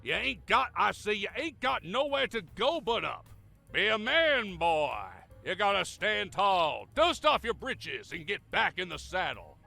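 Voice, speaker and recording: A man's voice: high-pitched, big pitch swings, measured pace, creaky, sharp tone, faint music behind, exaggerated voice. A man voicing a blustering old southern rooster who lectures in a put-on Southern drawl and keeps repeating "I say". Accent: American Southern (put on). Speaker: viewer's submitted impression clip.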